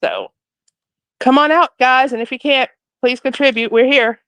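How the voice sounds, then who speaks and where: A woman's voice: sits high, fairly even intonation, moderate pace, a bit bright, smooth, no room sound, low-quality recording. An out-of-breath woman giving a chatty, apologetic live update by phone from outdoor grounds. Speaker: volunteer calling in to a live panel. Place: outdoors at a school grounds in summer heat.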